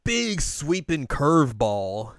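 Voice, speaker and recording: A man hosting a relaxed podcast about games and anime, chatty and quick to laugh. His voice is smooth and resonant, recorded close and dry with no room sound. He tends to rush ahead when he gets excited. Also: on the high side, no room sound. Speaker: podcast host. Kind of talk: casual podcast chat.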